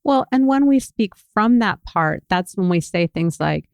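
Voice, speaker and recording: A woman's voice: medium pitch, animated, a little slow, gravelly, clean tone, dry recording, studio quality. A woman co-hosting a casual podcast conversation, speaking earnestly and reflectively about her feelings. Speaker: podcast co-host.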